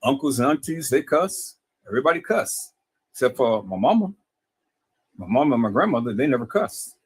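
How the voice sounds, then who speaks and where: A man's voice: medium pitch, sing-song, normal speed, breathy edge, dry recording. A man talking to his viewers in a casual, preachy way, often stammering and repeating words. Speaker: video host.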